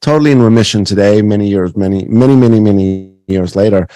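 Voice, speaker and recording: Low, mellow-voiced male podcast host. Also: fast, no echo, poor audio. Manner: storytelling, many restarts and repeated words. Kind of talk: conversational interview.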